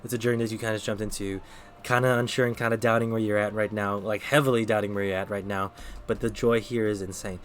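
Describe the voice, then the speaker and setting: Low-voiced guy doing tarot on stream, rambly, lots of ums, bit of hiss behind. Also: level tone, fast talker. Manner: chatty, thinks aloud with many fillers and restarts; talks to chat between readings. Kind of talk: casual live-stream tarot reading.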